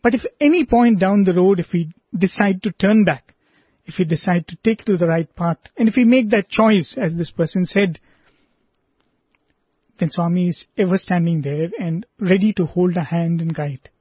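A man reading a personal testimony aloud in an earnest, measured way, then speaking reflectively to listeners as a presenter. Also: sits high, slightly rough, dry recording. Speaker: devotional radio presenter. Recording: dry, slightly dull lo-fi recording.

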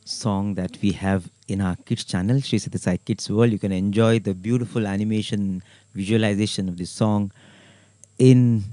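A man hosting and announcing programs in an earnest, measured way. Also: fairly low pitch, mellow, no echo. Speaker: host.

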